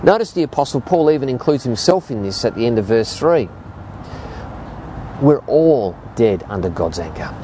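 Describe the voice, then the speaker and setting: A man's voice: normal speed, slight background noise. A man in his fifties with an Australian accent, preaching a sermon and telling stories to make his point. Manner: animated storytelling preacher, lively rises and drops in pitch.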